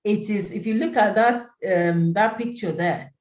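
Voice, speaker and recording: A woman's voice: mid-range voice, unhurried, a little mellow. Earnest woman teaching in an echoey room. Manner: earnest, frequent "you know". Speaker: seminar presenter. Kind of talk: live teaching talk.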